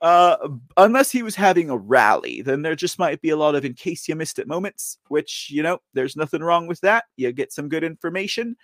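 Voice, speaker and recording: A man's voice: fairly high pitch, very animated, fairly quick, no echo, clean studio sound. A man hosting a political commentary show in a playful, rambling way, often correcting himself. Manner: playful, rambling, self-correcting, keeps saying ladies and gentlemen. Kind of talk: casual live commentary.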